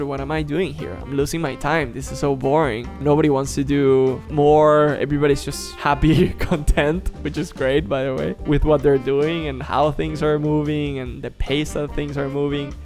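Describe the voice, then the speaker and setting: A man in his thirties talking casually and jokingly to camera, full of "like" and laughter. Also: on the high side. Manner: animated, joking, peppered with "like". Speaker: vlogger. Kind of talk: casual vlog monologue.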